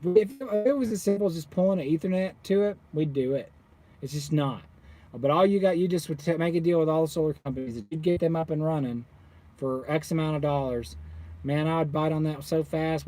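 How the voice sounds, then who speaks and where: A man who runs a solar installing business, ranting casually to viewers with animated exasperation. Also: fairly high pitch. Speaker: solar installer, channel owner.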